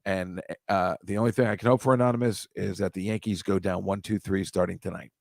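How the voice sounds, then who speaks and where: A man's voice: low-pitched, fairly even intonation, a little fast, creaky, no echo. Rambling, dry-sounding man chatting to viewers. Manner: rambling, self-interrupting, joking asides. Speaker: host reading viewer comments. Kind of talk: casual live-stream chat.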